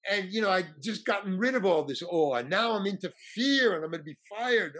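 A man's voice: on the high side, a little fast, slightly rough. A man telling a long anecdote in casual chat, acting out the voices of people he quotes. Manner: animated, acts out quoted voices. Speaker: storyteller guest.

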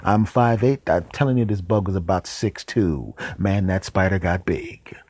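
A man hosting a podcast, telling an absurd comedic story in a deadpan, rambling way and switching into voices for the characters. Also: low voice, moderate pace, breathy edge, no room sound. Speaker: podcast host.

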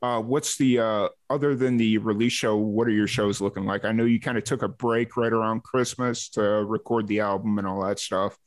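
A man's voice: on the low side, fairly even intonation, normal speed, few pauses, no echo. Easygoing man host, dry close sound. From Chicago. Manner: easygoing storyteller, brief backchannels. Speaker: podcast host. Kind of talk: casual interview chat.

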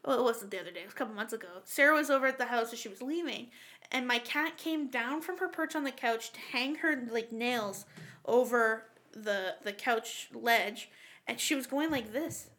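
A woman telling animated, profanity-laced stories in a casual chat among friends. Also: on the high side, normal speed. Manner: animated storyteller, swears a lot.

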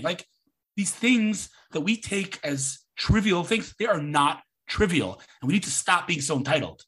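Animated, bright-voiced man talking emphatically. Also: fairly high pitch, normal speed, slightly rough. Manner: animated, emphatic, jumps into mocking voices when quoting people. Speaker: podcast host. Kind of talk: casual conversational interview. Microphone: video call.

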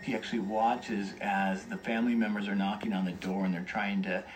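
A man's voice: fairly low pitch, level tone, a little fast. A male police investigator giving a documentary interview in a plain, matter-of-fact way. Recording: distant mic with loud music bed.

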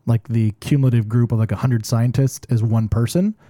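A man with a very dark, warm tone talks quickly and rambles through his points with lots of "like" fillers. It is casual podcast chat on a close, dry mic. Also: medium pitch, fairly even intonation, no echo. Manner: rapid, rambling, many "like" fillers.

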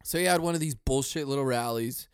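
A man's voice: mid-range voice, fast, smooth, no room sound, clean studio sound. A young man hosting his own podcast in a casual, rambling, profane rant, laughing often. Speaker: podcast host. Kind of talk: casual ranting podcast monologue.

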